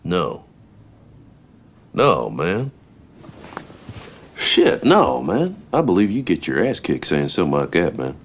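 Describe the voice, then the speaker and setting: A man voicing a laid-back slacker neighbor with a raspy, slow drawl in casual chat. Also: low-pitched, huge pitch swings, voice pushed down, full character voice. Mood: mellow drawl.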